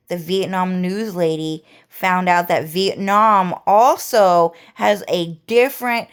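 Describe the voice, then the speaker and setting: A woman's voice: mid-range voice, smooth. A woman vlogger talking in a rambling monologue, repeating words and restarting her phrases.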